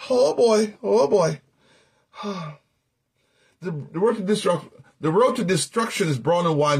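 A man preaching a sermon, teaching scripture in a folksy, animated way, breaking into laughs and sung-out phrases. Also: high voice, a little slow, slightly rough.

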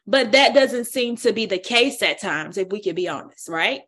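A woman leading a Bible study, preaching with a lively exhorting style and colloquial speech. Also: medium pitch, moderate pace. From United States. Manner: exhorting, call-and-response, colloquial.

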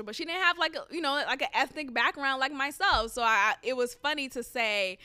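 A woman's voice: sits high, fairly quick, few pauses, bright, forceful tone, soft background music. A young woman of Haitian background telling a story in a chatty, casual way, laughing often and swearing freely.

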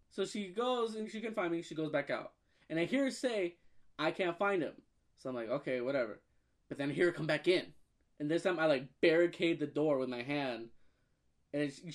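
A young man telling a story in casual chat, animated and acting out the other people's voices. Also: a little high.

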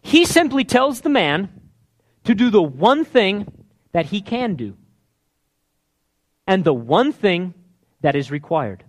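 A man preaching a sermon, retelling a Bible story and acting out the characters' pleas, dropping to a hush and then rising loud. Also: high-pitched, slow, long pauses. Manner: animated, acts out quoted pleas in hushed then loud voices.

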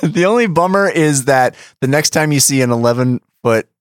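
An easygoing man co-hosts a podcast, quick to laugh. His pitch swings widely as he talks. The recording is close and completely dry. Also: expressive, clear, resonant tone, no room sound. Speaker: podcast co-host. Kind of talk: casual comedic chat.

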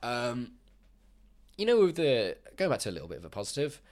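A young man in casual film review chat, animated, swearing and acting out mock quotes. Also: medium pitch, a little fast.

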